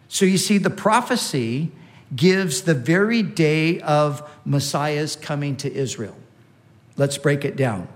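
A man delivers a sermon in a steady teaching manner. His voice sits a little high for a man. He often restarts a phrase and repeats the words he wants to stress. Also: slow pace. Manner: teaching, with frequent restarts and emphatic repetition. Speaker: preacher.

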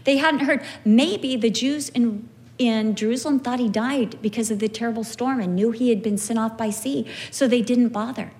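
A middle-aged woman with a high, light voice gives a Bible talk. She keeps it chatty and tells stories with energy, slipping into the voices of the people she describes. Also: moderate pace. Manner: animated storytelling, acts out quoted people. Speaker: Bible teacher. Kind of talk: conversational Bible teaching with anecdotes.

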